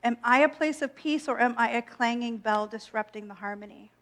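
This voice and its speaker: High-voiced woman giving a gentle sermon. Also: fairly quick. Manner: gentle, reflective, with playful self-mocking asides. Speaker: minister.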